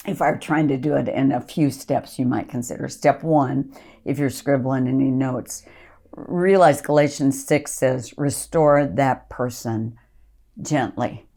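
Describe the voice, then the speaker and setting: Low-voiced woman teaching on a podcast. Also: mellow. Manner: earnest, reads scripture aloud and coaches listeners. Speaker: ministry leader.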